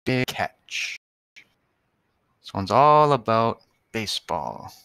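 A patient male teacher records a lesson for young children, stretching out his sentences and breaking them into single words. His voice is bright and forward. The sound is close and dry, with no room around it. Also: fairly low pitch, sing-song, takes it slowly, gravelly, clear, resonant tone, no room sound. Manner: patient, spells out words one by one.

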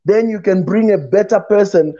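A man's voice: sits high, normal speed, warm tone. A middle-aged man, a pastor hosting an online conversation, talking casually and with animation, laughing and acting out voices as he tells stories. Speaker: pastor and show host. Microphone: video call. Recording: dull lo-fi online call audio.

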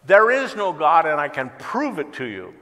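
A male pastor voicing an angry, scornful atheist man who shouts his defiance, with echo from a big church hall. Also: medium pitch, very animated, moderate pace, lightly acted. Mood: defiant shouting.

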